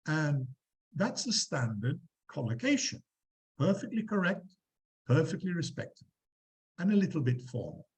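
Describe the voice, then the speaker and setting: Man giving a lively lecture. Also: on the high side, moderate pace, long pauses, low-quality recording. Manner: lively, quizzing students, acting out quotes. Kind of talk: university lecture.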